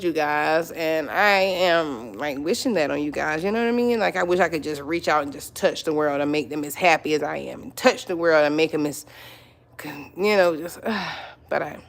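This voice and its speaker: Middle-aged woman rambling on her live stream, kinda low voice, keeps saying y'all and you guys. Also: vocal fry, a bit bright. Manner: chatty, repeats phrases, addresses viewers as y'all and you guys. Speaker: lifestyle vlogger on a livestream. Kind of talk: casual live-stream chat.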